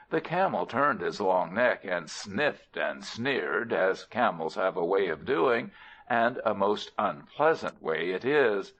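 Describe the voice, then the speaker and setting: A man narrates a storybook in an expressive way. His voice is low with a gravelly texture and a lively, swinging pitch. The recording sounds dull and lo-fi. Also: a little slow. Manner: expressive, animated reading. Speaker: audiobook narrator.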